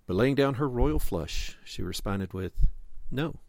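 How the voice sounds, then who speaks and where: A man's voice: lowish voice, expressive, measured pace, a little mellow, no echo. A man reading his own short story aloud in an easygoing, friendly manner. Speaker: story contributor.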